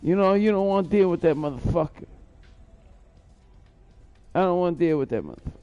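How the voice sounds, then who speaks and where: A man's voice: high-pitched, expressive, a little fast, warm tone, clean tone, dull audio, faint music behind. A man rambling through a profane, boastful story in a live-stream monologue, repeating himself as he goes.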